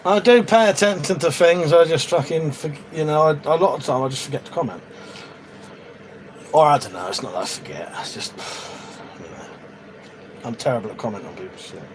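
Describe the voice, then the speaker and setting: A man with a slightly raised pitch, talking casually on a live stream from a shed. He rambles, swears offhandedly and chats to his viewers. Faint ambience hums behind him. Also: expressive, brisk, a little hiss or hum. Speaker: livestream host. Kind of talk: casual live-stream chat while crafting. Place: shed, outdoors.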